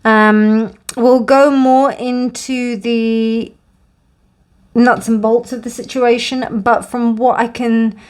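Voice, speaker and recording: A woman's voice: a little high, flat delivery, takes it slowly, a little mellow. A woman giving a pick-a-card tarot reading, chatty and rambling, calling her viewers "my darlings".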